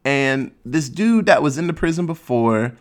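A man's voice: mid-range voice, lively intonation, moderate pace. A man casually recapping a movie plot in a rambling, sarcastic way, swearing freely.

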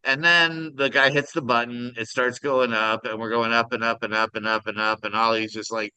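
A man's voice: medium pitch, steady tone, moderate pace, pushed and bright, smooth, no room sound, rough recording. A middle-aged man co-hosting a casual podcast over a video call, telling a story animatedly and acting out the voices in it. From Minnesota. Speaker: podcast co-host.

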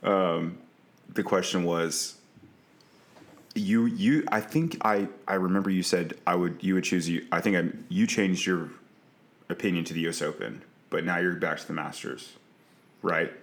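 A man's voice: low voice, normal speed. A young man co-hosting a podcast, easygoing and agreeable, often repeating words as he starts. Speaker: podcast co-host. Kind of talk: casual chat.

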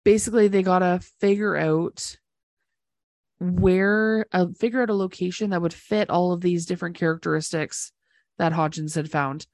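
Woman co-host, easygoing, lowish voice, dry home recording. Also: normal speed, no room sound. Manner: relaxed, laughing, conversational retelling. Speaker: podcast co-host. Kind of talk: casual chat recapping a TV episode. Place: home, with her husband on a couch nearby.

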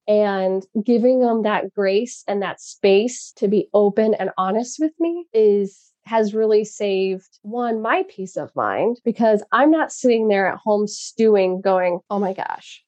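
An earnest, reflective middle-aged woman in casual talk on a call. Her pitch sits in the middle range, and the sound is dry and close, with no room around it. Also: a little slow, few pauses, darkish tone, no echo. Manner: earnest, reflective, laughs often, acts out quotes. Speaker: program participant sharing her story.

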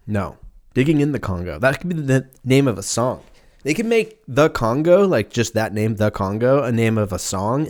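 Podcast host, American man in his thirties, slight lisp, animated swings in pitch, jokey and profane. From United States. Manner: profane, joking, stumbles over words. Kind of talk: casual rambling chat.

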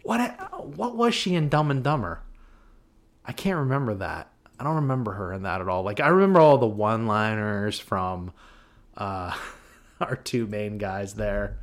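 A man co-hosting a podcast in casual chat, animated and joking. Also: fairly low pitch, normal speed. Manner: animated and joking, with laughs and bits of quoting. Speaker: podcast co-host.

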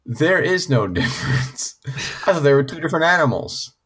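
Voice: mid-range voice, animated, normal speed, fairly bright tone, husky. A podcast co-host in casual chat, playful and sharing fun facts with mock showmanship.

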